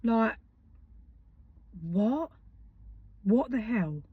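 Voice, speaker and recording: A woman's voice: fairly high pitch, animated, very slow, breathy edge, dry recording. A woman in her thirties tells a story bluntly, heated and swearing freely. Her voice sits close and dry, with a slightly dull, lo-fi tone. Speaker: vlogger. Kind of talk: casual storytelling. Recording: dull lo-fi sound.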